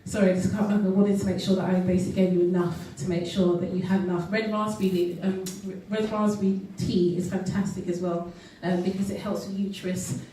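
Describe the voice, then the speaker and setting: A woman speaks earnestly at an event, talking casually with many ums and self-corrections. Her voice is mellow and dark. She is recorded from a distance in a very echoey hall. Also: lowish voice, flat delivery, brisk, hardly any pauses, a little hiss or hum. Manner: earnest, with frequent ums and restarts. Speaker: guest speaker. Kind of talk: casual health talk to an audience.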